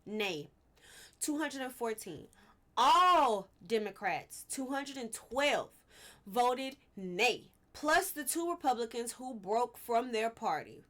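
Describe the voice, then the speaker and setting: A woman's voice: fairly high pitch, animated, slow, fairly bright tone. A woman hosting a casual commentary vlog, exasperated and rambling, with frequent restarts and apologetic asides. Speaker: vlog host.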